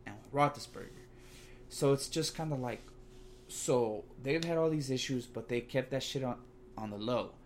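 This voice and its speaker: Male sports ranter, profane and fired up, mid pitch, light noise floor. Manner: profane, heated ranting. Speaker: sports commentator. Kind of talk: casual sports rant.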